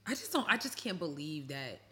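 A young woman co-hosts a podcast in an easygoing, animated chat. Her voice is bright and forward, and she speeds up when she gets going. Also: low voice. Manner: animated, laughing, quick bursts of speech. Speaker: podcast co-host. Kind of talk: casual chat.

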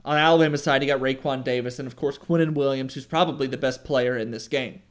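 A man's voice: medium pitch, steady tone, fast. A man co-hosting a casual sports podcast, joking around and often stopping to correct himself. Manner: self-correcting, joking, hesitant. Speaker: podcast co-host.

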